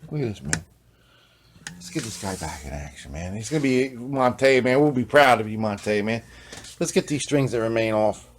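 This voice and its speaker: Male vlog host, relaxed and rambling, peppers his talk with "man" and slips into low mutters. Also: normal speed, slight background noise. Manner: laid-back, rambling, ends sentences with "man". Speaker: vlog host, guitar repairer. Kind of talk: casual workshop vlog.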